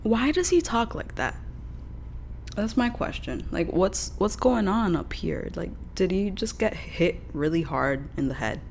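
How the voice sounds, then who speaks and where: A woman's voice: mid-range voice, animated, a little slow, creaky, darkish tone, a little hiss or hum. A young woman streamer giving casual reaction commentary, blunt and wry, with some swearing. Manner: blunt, profane, wry asides.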